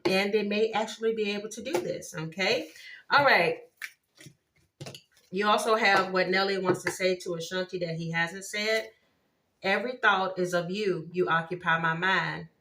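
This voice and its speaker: A woman's voice: mid-range voice, moderate pace, a little hiss or hum. A woman, giving a casual tarot reading to viewers, exclaiming at the cards as she turns them. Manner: excitable, exclaims at cards, laughs often. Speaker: tarot reader.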